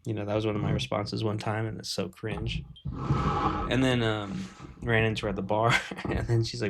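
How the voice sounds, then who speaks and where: Slightly low-voiced man rambling. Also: flat delivery, normal speed, long pauses, slight background noise. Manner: rambling, filler-heavy, self-deprecating. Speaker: artist streaming live. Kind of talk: casual rambling chat.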